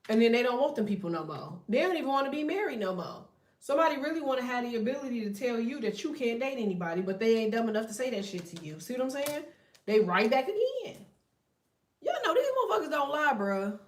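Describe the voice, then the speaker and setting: Blunt, slangy woman reading tarot in a roomy space. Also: a little high. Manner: blunt, profane, storytelling with slang. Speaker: tarot reader. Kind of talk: casual tarot reading chat. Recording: roomy echo, distant from mic.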